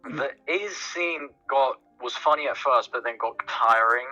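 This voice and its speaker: Bright-voiced young man, hesitant chat. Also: medium pitch, measured pace, lo-fi sound, faint music behind. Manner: hesitant, restarts, stammering. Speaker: podcast guest. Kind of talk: casual podcast chat about films.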